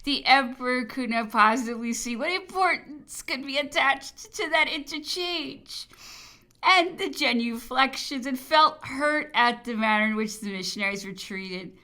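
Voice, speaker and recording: A woman reads an old memoir aloud as audiobook narration. Her voice is a little high, with a very bright tone. Her pacing is measured and her delivery formal. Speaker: audiobook reader.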